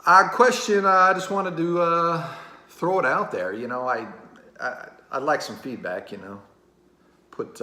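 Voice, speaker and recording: Low-voiced rambling man in an echoey room. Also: sharp tone. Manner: rambling, halting, fills every pause with "you know" and "uh". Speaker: channel host. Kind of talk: casual to-camera monologue. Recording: roomy echo.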